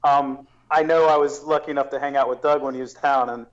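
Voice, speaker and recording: A man's voice: medium pitch, steady tone, quick pace, lo-fi sound. A man talking as a guest on a casual podcast, explaining his planning at length with frequent restarts and fillers.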